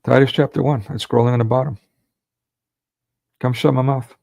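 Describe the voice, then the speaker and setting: A man's voice: mid-range voice, fairly even intonation, normal speed, gravelly, darkish tone, no echo. A man hosting a livestream watch party, preaching with fervent, rhetorical force. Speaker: livestream host.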